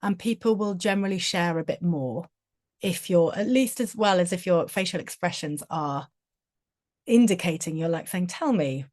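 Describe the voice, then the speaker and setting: A woman with a fairly low voice gives a talk on communication. She speaks expressively and often restarts her phrases mid-thought. The sound is close and dry, with no room echo. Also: moderate pace, darkish tone. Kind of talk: presentation talk.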